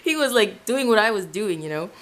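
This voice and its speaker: Animated woman telling a personal story. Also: medium pitch, a little fast. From Ecuador. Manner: animated storyteller, addresses listeners as "guys", frequent restarts and repeats. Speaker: Christian testimony speaker. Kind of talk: casual spoken personal testimony. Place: indoors at home, in her room.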